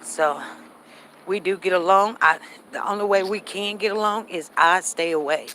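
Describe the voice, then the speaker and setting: A woman's voice: medium pitch, moderate pace, pushed and bright, slight background noise. Candid woman chatting on a walk. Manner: candid, repetitive, reads chat comments aloud. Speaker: live stream host. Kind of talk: casual chat while walking. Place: outdoors in a residential neighborhood.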